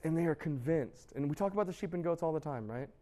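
A man's voice: on the high side, expressive, fast, mellow. A young man preaching a sermon as youth pastor, casual and joking, with lots of fillers and restarts.

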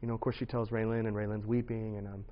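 A man's voice: on the low side, flat delivery, fast talker, highs cut off, a little hiss or hum. A man in his thirties giving an earnest, conversational personal testimony. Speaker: speaker sharing his testimony.

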